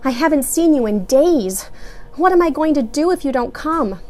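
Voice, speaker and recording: A woman's voice: high-pitched, expressive, moderate pace, darkish tone, voice pushed up. A woman voicing a nervous, tearful young boy in a storybook reading.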